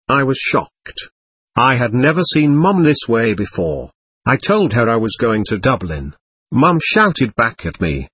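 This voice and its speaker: Husky man reading a memoir. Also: mid-range voice, a bit bright. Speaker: audiobook narrator. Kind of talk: first-person memoir narration.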